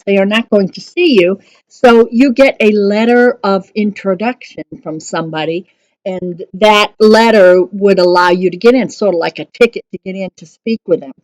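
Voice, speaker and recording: Woman, music teacher, conversational lesson, self-correcting, mid pitch, dry close recording. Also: no room sound.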